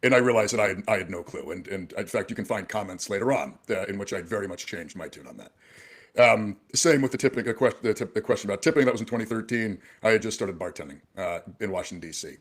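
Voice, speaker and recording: Man, from rural Maine, low voice, quick talker, earnest, defensive, explanatory. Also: lively intonation, husky. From rural Maine, USA. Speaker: political candidate. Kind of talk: answering questions in a played clip.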